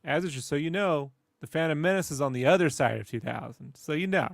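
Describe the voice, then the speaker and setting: A man's voice: a little high, fast, creaky, no echo, clean studio sound. A man co-hosting a casual podcast chat, teasing and laughing often. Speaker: podcast co-host.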